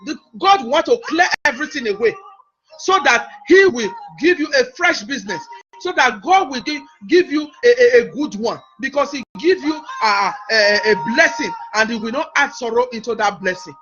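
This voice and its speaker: A man preaches in a strikingly high voice. He is emphatic and repetitive, often restarting his phrases. The recording sounds dull and lo-fi, with music playing behind him. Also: animated, moderate pace, sharp tone. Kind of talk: sermon.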